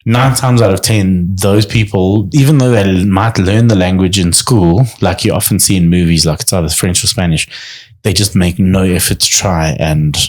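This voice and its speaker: A man's voice: low voice, steady tone, normal speed, darkish tone. A man co-hosting a podcast, telling travel stories in a casual, rambling way, swearing freely and acting out what people said. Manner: rambling storyteller, swears freely, acts out quotes. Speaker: podcast co-host. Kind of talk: casual chat.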